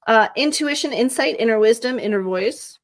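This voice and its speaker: A woman's voice: fairly high pitch, expressive, moderate pace. A woman hosting live psychic card readings. She talks to viewers in a chatty, sympathetic way, calls them honey, and reads card meanings aloud as lists. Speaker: psychic reader and channel host.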